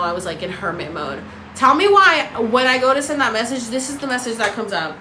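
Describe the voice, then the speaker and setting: A woman hosting a casual livestream chat, ranting in an animated, profane, incredulous way. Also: fairly high pitch, brisk, reverberant, background noise. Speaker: TikTok live host. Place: apartment in a city.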